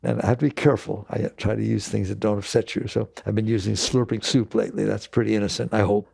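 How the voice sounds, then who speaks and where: A man's voice: fairly low pitch, flat delivery, quick pace, vocal fry, a little mellow, husky, no room sound, studio quality. A man giving a spiritual talk to an audience, emphatic and repetitive, asking rhetorical questions. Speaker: spiritual teacher.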